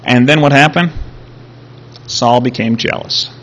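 A man preaching a sermon, retelling a scripture story with animated, acted-out quotes. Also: medium pitch, unhurried, slight background noise. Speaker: pastor.

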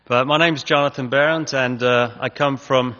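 A man's voice: mid-range voice, fairly even intonation, normal speed, pushed and bright. A man from England sharing a personal testimony with a congregation in a conversational, self-deprecating way. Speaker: guest speaker sharing testimony. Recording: dull audio in a reverberant hall.

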